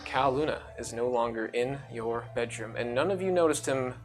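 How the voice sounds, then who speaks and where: A man's voice: mid-range voice, normal speed. A man running a tabletop game as dungeon master, talking casually with lots of fillers and restarts.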